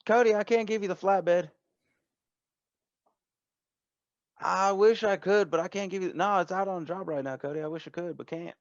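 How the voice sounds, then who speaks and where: A woman's voice: lowish voice, fairly quick, dry recording, dull audio, voice pushed up, natural voice. A man voicing a folksy middle-aged woman who runs a truck shop and calls everyone darling. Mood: apologetic.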